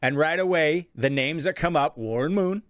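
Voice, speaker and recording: A man's voice: a little high, normal speed, dry recording, clean studio sound. A Canadian man hosting a sports radio show, telling stories in casual talk and acting out the voices of the people he quotes. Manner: animated storyteller, acts out quoted voices. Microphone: studio microphone.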